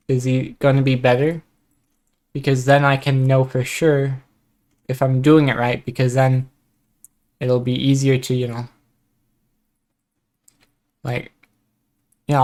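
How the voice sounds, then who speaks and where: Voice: medium pitch, darkish tone. A young adult streamer in casual live-stream chat, musing aloud and reacting with short comments.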